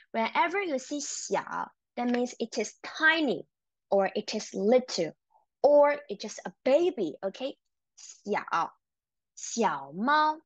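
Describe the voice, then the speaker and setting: Woman, Mandarin teacher, unhurried pace, slightly high voice, dry close sound. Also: no room sound. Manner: explains in English, models Mandarin words for repetition, frequent "okay?". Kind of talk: online language lesson.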